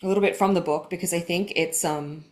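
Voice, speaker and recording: A woman with a somewhat low voice reads from her own writing, stopping to add personal asides. She sounds earnest and vulnerable, and grief keeps rising in her voice as she reads. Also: fairly even intonation, quick pace. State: emotional, voice welling with grief. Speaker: podcast host.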